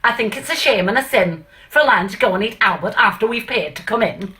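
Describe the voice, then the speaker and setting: A woman's voice: medium pitch, expressive, brisk, pushed and bright. A woman voicing a stern middle-aged northern mother in a put-on northern English accent, curt and matter-of-fact. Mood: righteous.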